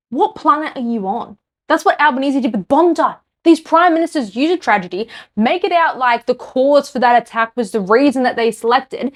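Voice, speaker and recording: An Australian woman, a podcast host, delivering an angry, blunt political rant to camera. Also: sits high. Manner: heated, exasperated, speaks her mind bluntly.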